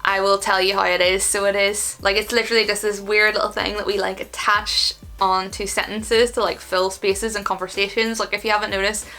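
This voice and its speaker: A young Northern Irish woman chatting quickly as a vlogger in her bedroom, full of fillers. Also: mid-range voice, level tone, bright, forceful tone. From Northern Ireland. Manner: chatty, rapid, lots of fillers. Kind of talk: casual explainer vlog.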